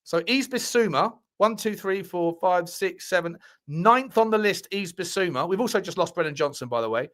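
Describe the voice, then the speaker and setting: A man's voice: sits high, animated, normal speed, fairly bright tone. A man hosting a casual football livestream, chatty and thinking aloud, swearing now and then. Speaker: football channel host.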